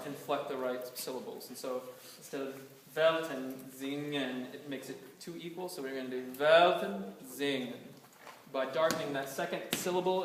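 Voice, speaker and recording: A man's voice: on the high side, noisy background. A man directing a choir rehearsal, patiently modeling words for the singers to repeat. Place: rehearsal room. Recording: echoey room from a distance with music.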